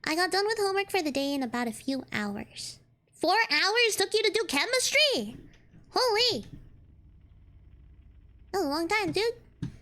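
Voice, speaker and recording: High-voiced jumpy woman streamer. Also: big pitch swings, a little slow, pauses often, pushed and bright. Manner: jumpy and talkative, laughing nervously when scared. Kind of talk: horror game let's play.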